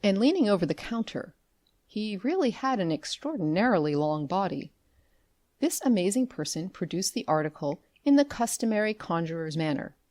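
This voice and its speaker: A woman narrating a classic story as an audiobook, with expressive storytelling. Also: medium pitch, normal speed, no room sound, studio quality. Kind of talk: scripted narration.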